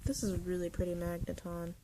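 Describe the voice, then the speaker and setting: A young woman chatting casually about her collection, nostalgic and rambling, sometimes dropping to a soft whisper. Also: fairly low pitch, little pitch movement, fast talker, a little hiss or hum. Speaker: vlogger showing a card collection. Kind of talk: casual chat. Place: bedroom.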